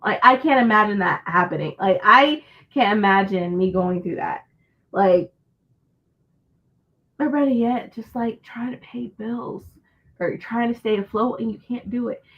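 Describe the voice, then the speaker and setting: On a casual livestream, a woman who runs a book channel reads her live chat and answers it, slipping into a frustrated rant full of swearing. Her voice sits at medium pitch and she speaks unhurriedly, with lo-fi sound.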